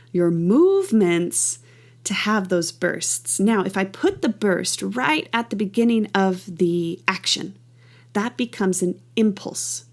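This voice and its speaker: A middle-aged woman teaching a movement class with enthusiasm, counting beats and making playful rhythmic sounds. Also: medium pitch. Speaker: dance teacher.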